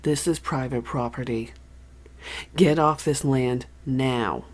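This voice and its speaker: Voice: mid-range voice, slow. The audiobook narrator voicing a stiff, hostile landowner man who gives curt orders. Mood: stern.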